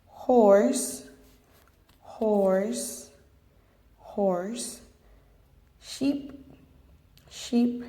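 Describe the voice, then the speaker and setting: Slow, gravelly-voiced woman teacher. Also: mid-range voice, a little mellow, roomy sound. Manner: slow and clear, drilling words. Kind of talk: children's vocabulary lesson.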